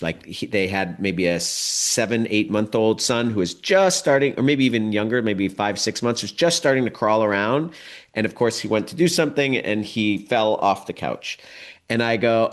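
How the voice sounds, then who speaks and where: A middle-aged man, a guest on a podcast, talking in a casual interview and telling lively stories, often adding "like" and "right?". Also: medium pitch, a little slow. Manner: animated storyteller with frequent "like" and "right?". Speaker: podcast guest, dads' program leader. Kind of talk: conversational interview.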